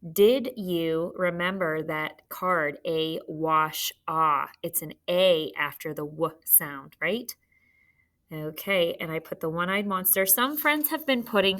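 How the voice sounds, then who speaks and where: A woman teacher giving a spelling lesson to children, patient and clear, sounding words out slowly. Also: fairly low pitch, fairly bright tone.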